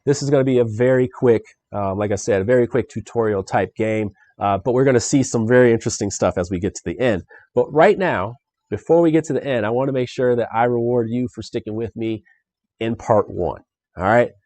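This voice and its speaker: A man hosting a live solo board game playthrough, animated and excitable, talking straight to his viewers. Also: medium pitch, fairly quick, no echo. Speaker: board game show host.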